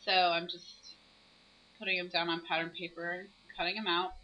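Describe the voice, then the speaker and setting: A woman's voice: fairly low pitch, flat delivery, normal speed, muffled recording. A woman narrating her own crafting video, explaining each step as she works.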